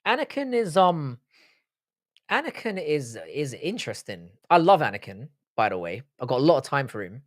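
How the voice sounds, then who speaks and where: A man's voice: mid-range voice, sing-song, normal speed, no room sound, studio quality. Casual man chatting on a live stream. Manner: banter, reads and answers chat comments, swears. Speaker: livestream host.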